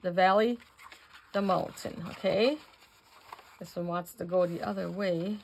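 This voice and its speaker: A woman's voice: fairly low pitch, unhurried, vocal fry, pauses often, slight background noise. An older woman hosting a casual crafting tutorial, chatting to viewers as she works and counting out measurements.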